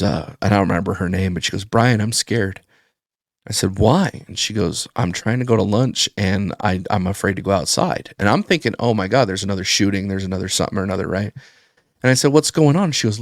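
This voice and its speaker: A man telling a rambling, profane story in casual podcast chat, getting animated when he quotes people. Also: lowish voice, no room sound, clean studio sound. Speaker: podcast guest.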